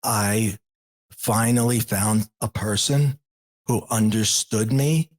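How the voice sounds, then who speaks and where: A man in his forties, a podcast guest, candidly retelling a personal story with lots of quoted dialogue in a husky voice. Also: lowish voice, slow. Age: 40s. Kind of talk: storytelling in an interview.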